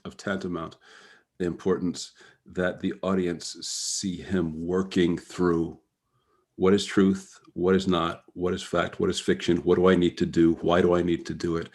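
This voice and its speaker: A man talking through a scene in a seminar discussion over a video call, halting and searching for words. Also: sits low. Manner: halting, searching, many restarts. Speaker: actor in a play-reading seminar. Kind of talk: thoughtful discussion.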